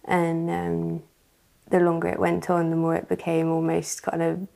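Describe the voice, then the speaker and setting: Low, gravelly-voiced woman. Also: monotone, moderate pace. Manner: hesitant, soft-spoken, many fillers. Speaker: church guest sharing a testimony. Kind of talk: personal testimony interview.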